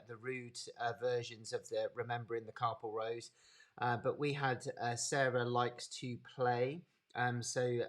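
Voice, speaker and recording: Chatty Birmingham-accented man lecturing online. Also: medium pitch. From English Midlands. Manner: chatty, unhurried, stops to greet attendees by name. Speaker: anatomy lecturer. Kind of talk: informal live webinar lecture.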